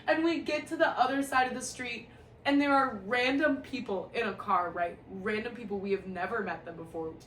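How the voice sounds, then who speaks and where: A woman's voice: on the high side, normal speed. Young woman telling a profane story. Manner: profane, animated, laughing often. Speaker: storyteller vlogger. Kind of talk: casual storytime monologue. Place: at home, indoor room. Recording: echoey room, distant mic, faint hiss.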